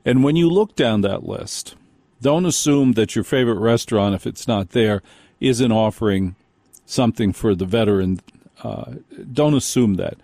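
A man's voice: fairly low pitch, moderate pace, vocal fry, dark tone, no room sound. An older man hosting a live radio talk show, chatting in a folksy, rambling way and slipping into mock voices.

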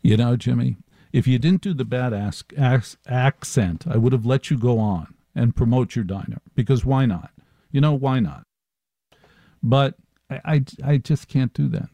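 A man's voice: mid-range voice, normal speed, dark tone, no echo. A male radio talk show host riffing sardonically through a live monologue. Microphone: studio microphone.

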